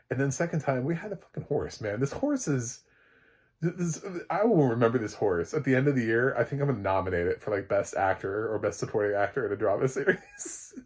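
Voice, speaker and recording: A man's voice: lowish voice, darkish tone, husky. A man reviewing a TV episode in casual solo chat, rambling with many fillers and restarts and often laughing.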